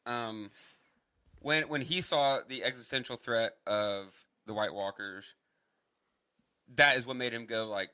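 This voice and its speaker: Brief: male podcast voice, very bright and sharp, wry casual talk. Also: medium pitch, a little slow, pauses often, clear, resonant tone. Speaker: podcast guest. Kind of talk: casual chat.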